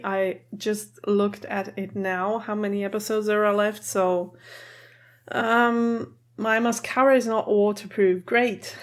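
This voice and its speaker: A woman hosting a casual reaction vlog in a room at home. She sounds emotional and teary, chatty and giggly, and keeps her voice down. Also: medium pitch. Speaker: reaction video host.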